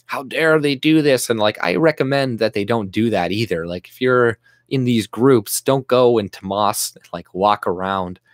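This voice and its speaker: Low-voiced man ranting. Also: no echo, studio quality. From Canada. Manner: agitated, profane, sarcastic, with frequent restarts. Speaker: YouTube commentator. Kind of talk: unscripted political rant to camera.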